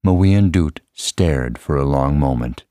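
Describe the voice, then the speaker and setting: Deep, slow man reading a story aloud. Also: dark tone, dry recording, clean studio sound. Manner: measured reading, raises his voice for quoted lines. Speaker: audiobook narrator. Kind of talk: scripted narration.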